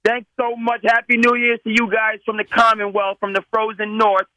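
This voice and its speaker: New england guy calling in, high bright voice, rambly and animated. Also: moderate pace, no room sound, rough recording. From Massachusetts. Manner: animated, rambling, peppered with asides. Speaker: radio call-in caller. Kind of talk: phone-in sports chat.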